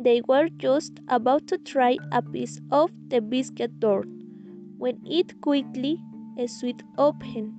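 A woman reading a fairy tale aloud slowly and carefully, with occasional slips. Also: sits high, dark tone, muffled recording, soft background music. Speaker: story reader. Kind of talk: storybook reading.

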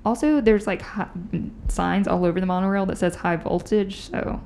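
A woman's voice: medium pitch, moderate pace, a little hiss or hum. A woman hosting a podcast, telling ghost stories in a chatty, casual way. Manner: chatty, animated storyteller. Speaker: podcast host. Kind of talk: casual chat, storytelling.

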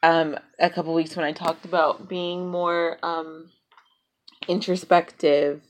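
A woman co-hosting a podcast in casual chat, relaxed and reactive, often pausing on soft "um" fillers. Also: low-pitched. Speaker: podcast co-host.

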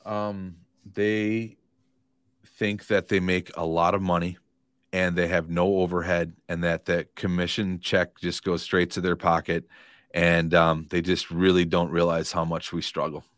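A man's voice: sits low, flat delivery, measured pace, a bit bright, dry recording, studio quality. A man, a real estate coach, talking earnestly in a casual podcast interview, motivational and given to repeating his phrases.

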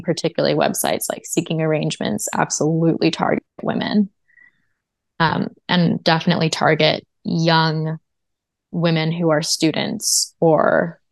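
Interview guest: woman with a lowish, gravelly voice, earnest and reflective, dry close sound. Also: no room sound. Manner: earnest and reflective, with frequent fillers. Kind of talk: personal testimony in a podcast interview.

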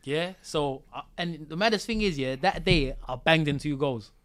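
Animated guy telling stories. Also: on the high side, moderate pace. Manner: slang-heavy, animated storyteller acting out quotes. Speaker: podcast guest. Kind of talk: casual storytelling chat.

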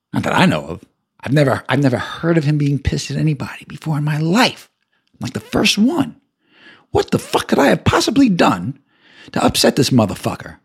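A middle-aged man hosting a podcast, ranting heatedly and profanely, stumbling and repeating himself as he swings between loud outbursts and low mutters. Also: breathy edge. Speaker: podcast host. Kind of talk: angry personal rant.

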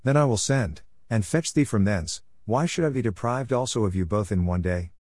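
Anxious mother, urgent and weary, low voice, read by a man. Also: normal speed, darkish tone, no echo, close to an everyday voice. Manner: urgent scripture cadence. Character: anxious mother urging her son to flee.

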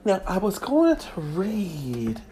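A woman from Kentucky with a Kentucky Southern accent, hosting a crude, sassy comedic gossip monologue with drawn-out emphasis. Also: medium pitch, huge pitch swings, dark tone, slight background noise. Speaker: celebrity gossip host.

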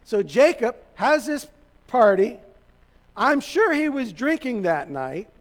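A male pastor with a notably high voice preaches to his congregation. He tells the story casually and with humor, and his voice carries a long hall reverb. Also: very animated, slow pace. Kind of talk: sermon.

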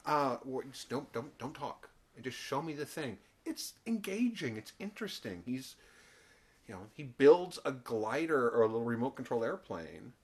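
Animated male podcast co-host. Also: mid-range voice, moderate pace, breathy edge. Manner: animated, jumps into voices when retelling. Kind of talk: casual podcast chat.

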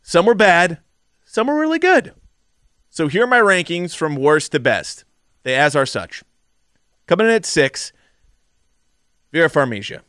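A young man with a slightly raised pitch talks through a film in casual podcast chat. He hands out quick, blunt verdicts. The sound is close and dry, with no room around it. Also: big pitch swings, a bit bright, no room sound. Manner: opinionated, ranks things with blunt verdicts. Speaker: podcast co-host.

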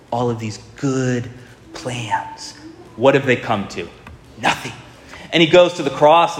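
A man preaching a sermon in a storytelling manner, speeding up and slowing right down for emphasis. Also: mid-range voice. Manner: storytelling, shifting between fast and drawn-out. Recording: echoey hall with long reverb.

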